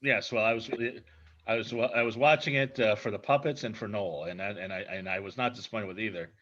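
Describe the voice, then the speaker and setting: A man's voice: lowish voice, steady tone, fairly quick, a bit bright, slight background noise. Rambling male talk show host, lo-fi. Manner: rambling, restarts sentences, jokey. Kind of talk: casual interview chat. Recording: dull lo-fi sound.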